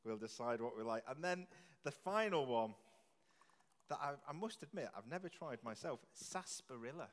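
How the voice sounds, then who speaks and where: A man leading a church service, jokily quizzing the congregation with quick questions. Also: mid-range voice, lively intonation. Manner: jokey, chatty, quizzing the audience with quick questions. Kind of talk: playful all-age talk with the congregation. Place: large church with long reverb. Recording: echoey church from a distance.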